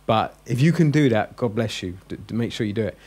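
A man teaching a class of adults, chatty and joking as he drills each sound slowly and quizzes the room. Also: fairly low pitch, expressive, a little mellow, breathy edge. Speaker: Greek teacher. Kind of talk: classroom lesson. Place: classroom with a group.

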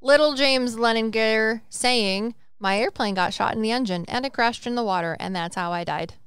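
A young woman co-hosting a casual podcast as a psychic medium, rambling and animated, swearing and acting out quotes in different voices. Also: fairly high pitch, normal speed, clear, resonant tone, no echo.

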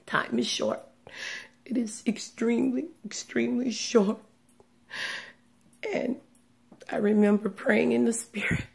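A woman giving a personal religious testimony, speaking in a hushed, trembling way that often sinks into a whisper, close to tears. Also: on the high side, fairly even intonation, takes it slowly, gravelly, long pauses. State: tearful, on the verge of crying.

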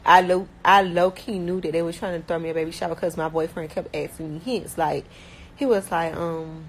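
A young woman with a Miami accent talks fast and bluntly, packing her sentences with slang and fillers. Her voice sits fairly low for a woman. A faint hiss of background noise runs under the recording. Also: poor audio. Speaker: rapper talking about her life. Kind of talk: casual chat.

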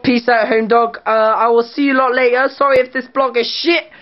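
A man's voice: very high voice, flat delivery, brisk. Drunk young guy rambling to camera. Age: young adult. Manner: slurred boastful slang-heavy rambling. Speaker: vlogger. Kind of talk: casual drunk vlog. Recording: dull lo-fi camera audio.

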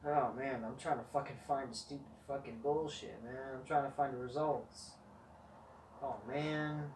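A man's voice: mid-range voice, steady tone, normal speed. A man hosting a wrestling review, rambling and dismissive and swearing constantly, recorded on a camera mic. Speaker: wrestling show reviewer, channel host. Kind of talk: profane rambling review rant. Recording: roomy, distant mic, faint noise.

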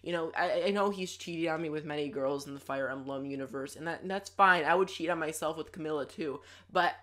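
Her voice sits low and moves briskly as she reacts to a game trailer for her YouTube channel. She's gushing and excitable, full of loud outbursts and jokey side comments.

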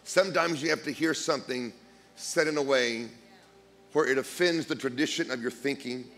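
A man preaching as a guest speaker, blunt and emphatic, swinging between quiet asides and loud declarations. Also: mid-range voice, normal speed. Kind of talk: sermon.

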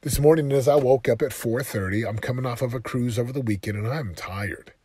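A man delivers a motivational monologue with a husky, slightly breathy voice. He hammers his points home with emphatic repetition. The recording is dry and close, with no room sound. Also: medium pitch, a little fast, mellow, no room sound. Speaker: motivational podcast host.

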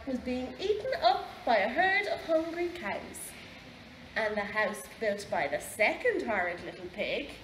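A woman with an Irish accent reading a picture book aloud to children in a library, slow and expressive. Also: fairly high pitch. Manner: slow, expressive, lively storytelling. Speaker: library storyteller. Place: library room. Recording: echoey library room, faint background noise.

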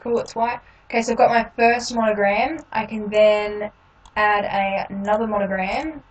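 A woman hosting a step-by-step software tutorial, explaining each click in a relaxed way with frequent ums. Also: mid-range voice, normal speed, recorded from a distance, highs cut off, a little hiss or hum. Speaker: tutorial host.

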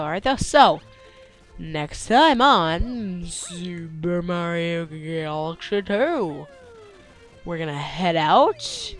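Tired, excitable young man gaming. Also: very high voice. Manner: excitable, complaining, with sudden yelps. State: tired, yawning. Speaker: let's play host. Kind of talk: gameplay commentary. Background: faint game music.

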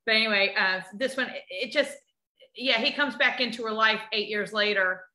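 A woman's voice: mid-range voice, moderate pace, bright, forceful tone, roomy sound. A woman co-hosting a podcast, chatting casually and telling stories with many restarts. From United States. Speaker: podcast co-host. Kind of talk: casual chat.

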